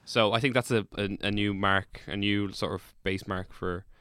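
A man with a Dublin Irish accent rambles through jokey podcast banter with a smooth, clear voice. His voice sits fairly low. The sound is dry and close, with no room around it. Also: steady tone, normal speed, pushed and bright, no room sound. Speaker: podcast co-host. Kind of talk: casual chat.

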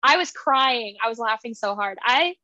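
A young woman co-hosting a book podcast, chatting casually, excitable, often laughing and acting out quotes. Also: a little high, moderate pace, no room sound, lo-fi sound. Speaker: podcast co-host. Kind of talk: casual chat.

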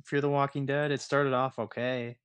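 A man co-hosting a casual podcast chat, talking in slow stretches that climb sharply when he gets worked up. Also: mid-range voice, little pitch movement, fairly bright tone, clean tone, no room sound. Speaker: podcast co-host.

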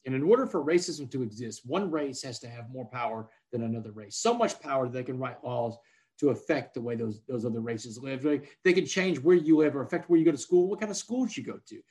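A man's voice: medium pitch, brisk, darkish tone. A man in his forties, a podcast guest telling personal stories in an emphatic, conversational way, often saying "man". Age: 40s. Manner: emphatic, peppers speech with "man". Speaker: podcast guest, motivational speaker. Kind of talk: casual conversational storytelling.

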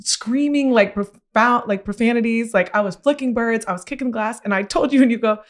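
A young woman hosting a podcast, candidly retelling a personal experience in animated, expressive conversation with lots of "like". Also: fairly high pitch, a little fast. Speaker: podcast host.

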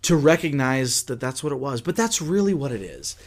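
A man's voice: medium pitch, sing-song, brisk. A man in a casual podcast conversation, earnestly telling a personal story and acting out the people in it. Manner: earnest storyteller who acts out the people he quotes. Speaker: podcast guest.

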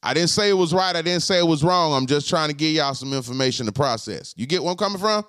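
A man hosting a podcast, talking to his live chat in a slangy, profane way and repeating his points slowly. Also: on the high side, animated, a bit bright, clear, resonant tone, dry recording, studio quality. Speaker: podcast host. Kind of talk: casual live-stream chat.

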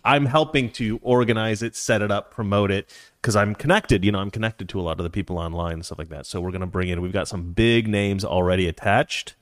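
A man's voice: on the low side, brisk, no room sound, clean studio sound. A man hosting a casual livestream from home, rambling and repeating himself as he reads out viewer comments. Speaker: livestream host.

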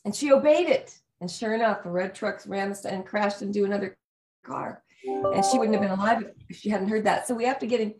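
A woman's voice: mid-range voice, a little fast, darkish tone, faint music behind. A woman hosting a casual talk show, enthusiastic and affirming toward her guest as she tells a family story. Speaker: host.

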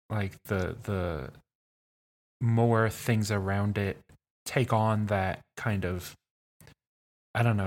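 Rambling man playing a tabletop game. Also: lowish voice. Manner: rambling, many fillers and restarts. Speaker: tabletop player. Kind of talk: casual tabletop role-play chat.

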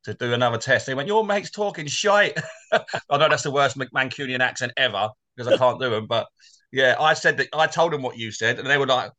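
A forty-something man co-hosts a casual football podcast. His voice is bright and forward. He tells loose, rambling stories and laughs easily. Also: mid-range voice, quick pace. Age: 40s. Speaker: co-host.

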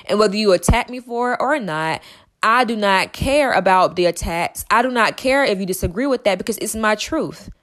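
A young woman hosting a podcast, talking fast and emphatically in a monologue, repeating herself and stumbling over words. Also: mid-range voice, expressive, fairly bright tone. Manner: emphatic and repetitive, fast with stutters. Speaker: podcast host.

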